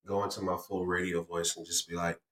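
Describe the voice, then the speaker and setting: A man's voice: low voice, level tone, brisk, a bit bright, echoey room, poor audio. A young man hosting a podcast, playful and teasing in casual, slangy chat. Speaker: podcast host.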